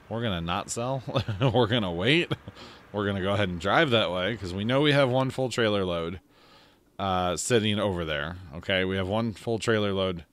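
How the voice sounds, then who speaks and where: A man's voice: on the low side, a bit bright. A man casually commenting on his own farming game, rambling and mocking his own slips, sleepy after a big lunch. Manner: rambling, self-mocking, yawning. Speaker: let's play host.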